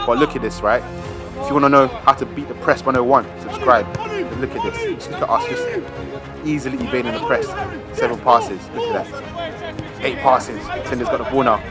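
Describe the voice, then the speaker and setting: A man giving lively, slangy amateur commentary on his club's football match. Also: medium pitch, normal speed, over loud music, over a noisy crowd. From South London. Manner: casual slang, cheering and groaning over plays.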